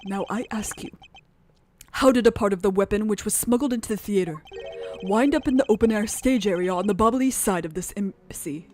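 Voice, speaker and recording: Woman doing a formal male game prosecutor, measured, confident, mid-pitched. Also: a little mellow, slight background noise, natural voice. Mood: composed.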